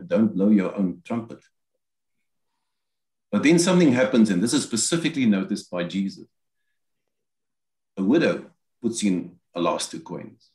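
A man preaching a sermon, explaining scripture and voicing quoted lines as he goes. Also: deep voice. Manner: expository, quotes scripture in acted asides. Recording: roomy echo.

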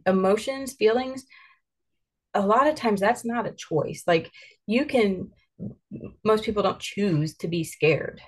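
A woman's voice: medium pitch, takes it slowly, long pauses, husky. A mother in an earnest, candid podcast conversation, telling stories and reflecting on how she raises her kids.

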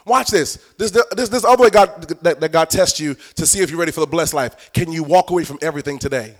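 A man's voice: a little high, fast. A man preaching a sermon as bishop, asking the crowd questions and acting out little scenes.

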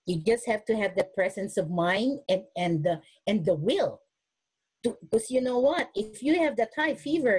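A woman's voice: medium pitch, a little mellow, slightly rough, poor audio. A woman who is a nurse, speaking earnestly at a webinar and showing self-care techniques, often restarting her sentences. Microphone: webinar recording.

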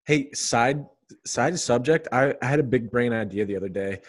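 A man's voice: mid-range voice, normal speed. A man co-hosting a casual podcast, rambling and joking about his own ideas. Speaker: podcast co-host. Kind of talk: casual chat.

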